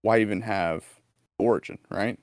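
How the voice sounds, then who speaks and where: A man's voice: lowish voice, normal speed, no echo, clean studio sound. A man as guest on a chat show, talking casually and hesitantly, often repeating words.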